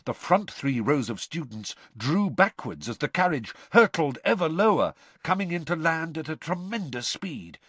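A man narrating a storybook audiobook in an expressive, suspense-building way. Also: fairly high pitch, moderate pace, hardly any pauses, husky, dry recording. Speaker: audiobook reader.

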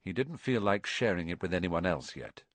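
A man narrating a storybook aloud, expressive and measured. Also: low voice, no echo. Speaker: audiobook narrator.

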